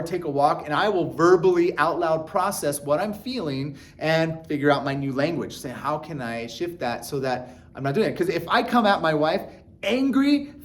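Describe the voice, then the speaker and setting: A man in a casual motivational talk, animated and full of fillers and restarts, who acts out the feelings he quotes and talks about his wife. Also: a little high. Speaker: motivational speaker.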